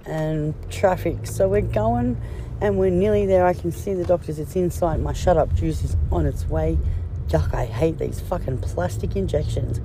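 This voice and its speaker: A woman's voice: low voice, moderate pace, mellow, slight background noise. A woman vlogging casually on a phone from a car and a clinic, blunt, joking and full of swearing. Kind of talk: casual vlog chat.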